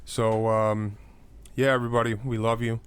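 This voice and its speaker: A young man co-hosting a casual true-crime podcast, talking loosely with lots of fillers and jumping into mocking high voices. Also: flat delivery, moderate pace, clear, resonant tone. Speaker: podcast co-host.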